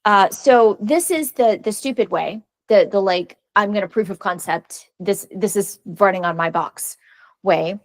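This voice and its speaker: A woman's voice: medium pitch, unhurried, no echo. Chatty woman giving a tech talk. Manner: casual, chatty, frequent fillers and restarts. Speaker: conference speaker. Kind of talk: technical presentation. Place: meeting room.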